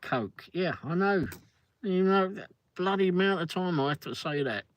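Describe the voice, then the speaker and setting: Reading out viewer comments on his livestream, an older man chats in a loose, rambling way with frequent laughter. His voice is high-pitched with lively intonation at a moderate pace.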